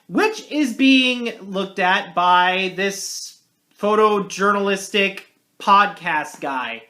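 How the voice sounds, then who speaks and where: A movie reviewer talking in a casual monologue, rambling and correcting themself often. They jump between loud, hyped-up lines and quiet muttered asides, and joke at their own expense. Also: medium pitch.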